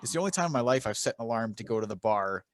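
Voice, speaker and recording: A man's voice: mid-range voice, animated, very fast, no room sound. A man in his thirties with a Canadian accent, co-hosting a podcast and telling rowdy, swear-filled stories in casual chat. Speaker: podcast co-host.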